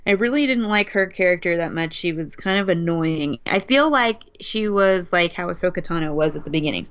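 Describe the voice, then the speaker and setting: A woman's voice: on the low side, lively intonation, brisk, fairly bright tone, clean tone. A woman co-hosting a casual podcast about comics, blunt and playful in her opinions. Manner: playful, blunt, acts out quotes. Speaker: podcast co-host. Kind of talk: casual comic book review chat. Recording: dull lo-fi sound.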